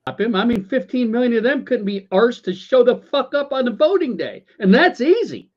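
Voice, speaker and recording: A man's voice: extremely high pitch, lively intonation, moderate pace, darkish tone. A man co-hosting a casual talk show, ranting with lots of stammering restarts, swearing and sarcasm. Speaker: podcast co-host. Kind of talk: casual political rant. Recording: dull lo-fi audio.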